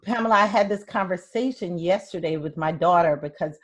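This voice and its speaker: An older woman hosting a podcast, chatting casually and telling stories with soft laughs. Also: lowish voice, brisk. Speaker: podcast host. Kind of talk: casual interview chat.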